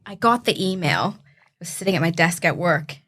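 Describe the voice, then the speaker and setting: A woman's voice: fairly low pitch, expressive, a little fast, fairly bright tone. A young woman from Canada, a podcast guest telling her story in an earnest, heartfelt way. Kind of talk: casual interview chat.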